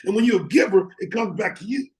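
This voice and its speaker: Over a video call, an academy leader preaches fervently to his members in a motivational style, exclaiming and laughing often. His high-pitched voice is animated and quick, and the recording is rough.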